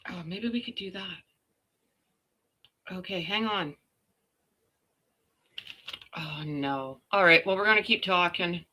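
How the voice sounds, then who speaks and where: Canadian lady chatting on a live, slow easy pace, super bright tone, greets folks by name. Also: fairly low pitch. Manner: chatty, exclaims often, greets viewers by name. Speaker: livestream host. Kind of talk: casual livestream chat.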